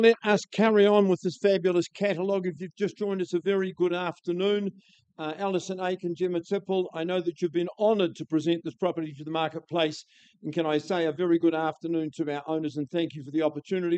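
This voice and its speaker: A man's voice: on the high side, a little mellow, clear, resonant tone, no echo, muffled recording. A man with a New Zealand accent calling a live property auction, with a florid, enthusiastic sales patter.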